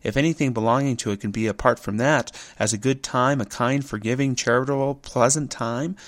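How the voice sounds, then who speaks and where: A man reading the part of an earnest young nephew who pleads warmly with his uncle. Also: mid-range voice, fairly even intonation, fairly quick, no room sound, lightly acted.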